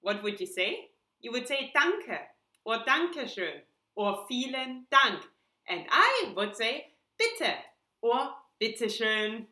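A woman, teaching a video language lesson and patiently repeating each word clearly. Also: on the high side, big pitch swings, pushed and bright. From Germany. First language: German. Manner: patient, enunciates words slowly and repeats them. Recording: echoey room.

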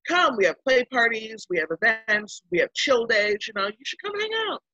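A woman voicing a tiny, bubbly woman bursting with energy as she tells a story, her voice jumping high and excited. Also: moderate pace, no room sound, muffled recording, heavily acted.

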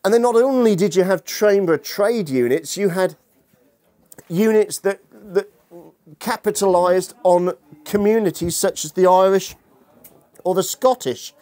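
A man's voice: high-pitched, a little slow, a little mellow. A man lecturing as a historian to an audience, humorous and chatty, bantering with the room. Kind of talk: lecture with jokey asides.

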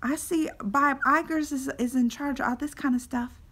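A woman vlogger telling a story with lively energy, swinging between excited shouts and whispered asides and acting out her own lines in quotes. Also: high-pitched, moderate pace. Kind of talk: animated reaction storytelling.

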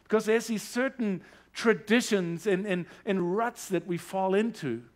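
A man's voice: high voice, unhurried. Earnest German man telling his story. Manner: earnest storytelling, growing animated and loud at peaks. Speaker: guest speaker sharing his testimony. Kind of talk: personal testimony in a church service.

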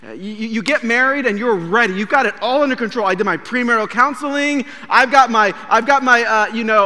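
Bright, high-voiced male pastor preaching. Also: fairly quick, in a large hall. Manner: animated, acts out quoted dialogue. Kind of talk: sermon with storytelling. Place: church sanctuary.

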